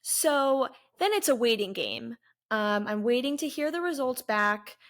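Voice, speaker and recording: A woman's voice: fairly high pitch, big pitch swings, fairly bright tone. Earnest young woman telling her story. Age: 20s. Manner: candid, earnest, halting with pauses. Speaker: vlogger. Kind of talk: personal storytelling.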